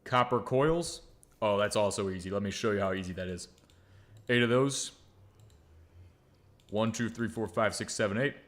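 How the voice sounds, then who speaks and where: A man with a lowish, slightly bright voice talks at normal speed but leaves long pauses. He's a gaming video creator giving jokey, self-deprecating commentary as he builds, humming and muttering to himself.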